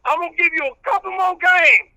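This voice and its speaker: A man's voice: extremely high pitch, a little fast, vocal fry, bright, forceful tone, no room sound, pitched above the performer's own voice, exaggerated voice, rough recording. A man voicing a folksy older male preacher who drawls, preaches and calls everyone boy. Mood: preaching. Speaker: reverend caller.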